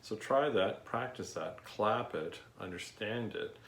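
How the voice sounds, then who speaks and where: Deep-voiced man teaching music slowly. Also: fairly bright tone, reverberant, slight background noise. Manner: patient, slow counting aloud with frequent "okay?" checks. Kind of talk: online music lesson.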